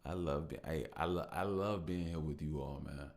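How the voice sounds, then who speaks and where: Very deep gravelly-voiced man, reflective. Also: normal speed, darkish tone. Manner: emotional, repetitive, thankful to listeners. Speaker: podcast host. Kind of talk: reflective solo podcast talk.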